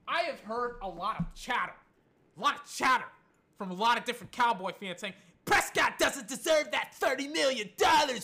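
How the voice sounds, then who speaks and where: An American vlogger in a casual sports rant, animated and arguing back at imagined critics, a little tired. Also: medium pitch. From United States.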